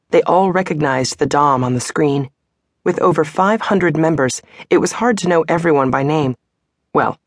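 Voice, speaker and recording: A woman narrating a romance audiobook in a steady, even storytelling manner. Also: low-pitched, no echo, studio quality. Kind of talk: scripted narration.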